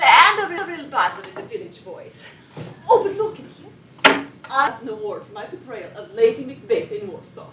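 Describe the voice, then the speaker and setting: In a film monologue, an actress from Poland with a high-pitched voice plays a sleepless Polish émigré actress who rambles and confides, speaking with a Polish accent. She is recorded from a distance in an echoey room, with noise behind her.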